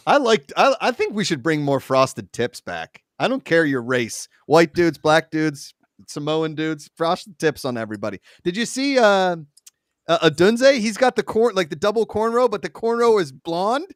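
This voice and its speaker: A man hosting a casual game watch-party chat, excitable, reading chat aloud and laughing often. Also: fairly high pitch, moderate pace, dry recording, studio quality. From Pittsburgh. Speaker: host.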